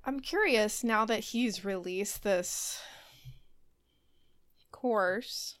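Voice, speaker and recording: A woman co-hosting a podcast over a video call, chatting in an animated, exasperated way. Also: mid-range voice, drawn-out words, clean tone. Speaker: podcast co-host. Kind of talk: casual chat.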